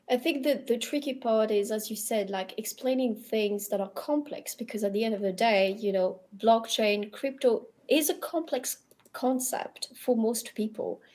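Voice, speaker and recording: Lively French-accented woman, high voice. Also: a little slow. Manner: animated, repeats words while searching for English phrasing. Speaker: guest. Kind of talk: casual interview conversation.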